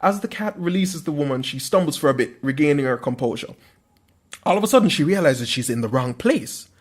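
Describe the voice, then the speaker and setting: Slightly high-voiced man hosting, wry and theatrical. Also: lively intonation, fairly quick. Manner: wry, self-mocking, theatrical asides. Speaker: podcast host. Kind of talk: comic dream retelling.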